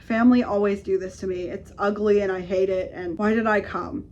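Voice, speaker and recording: A woman's voice: mid-range voice, steady tone, brisk, darkish tone, dull audio, slight background noise, lightly acted. A woman voicing a brash, defensive young woman athlete who swears bluntly, close to her own reading voice. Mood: irritable. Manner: curt, swearing.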